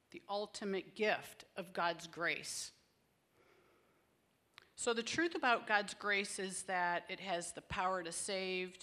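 A woman's voice: medium pitch, bright, forceful tone. A woman speaking to a group of women about grace, telling a personal story in an earnest, conversational and emotional way. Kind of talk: personal testimony talk.

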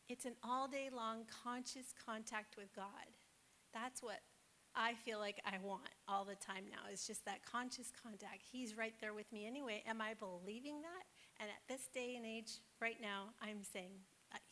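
A woman's voice: on the high side, measured pace, sharp tone. A woman giving an informal, encouraging devotional talk with a conversational manner and plenty of fillers. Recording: faint hiss.

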